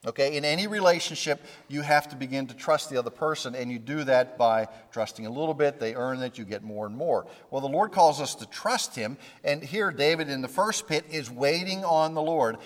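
A man giving a conversational Bible lesson, informal and halting, often stopping to restart his sentences. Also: mid-range voice, long reverb tail. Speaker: Bible teacher.

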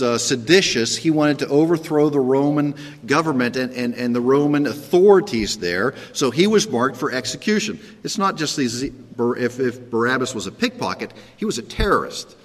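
A man preaching a sermon in a conversational way, checking in with "okay?" and sometimes acting out the quoted characters. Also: big-room sound. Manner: acts out Pilate's sarcastic lines in a higher voice. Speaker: pastor.

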